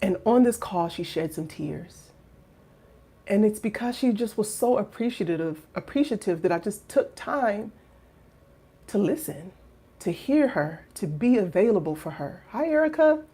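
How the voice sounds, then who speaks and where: A woman in her thirties, a coach, talking casually and heartfelt to camera, drifting from hushed reflection to loud exclaiming, with many fillers and rhetorical questions. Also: mid-range voice, expressive, unhurried, husky. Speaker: life coach and finishing school founder.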